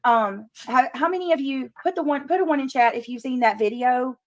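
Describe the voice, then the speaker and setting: A woman's voice: high voice, fairly quick, no echo. A woman hosting a casual livestream, talking earnestly to her chat and repeating her points for emphasis. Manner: talks to chat while reading comments. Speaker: livestream host. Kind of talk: casual live commentary.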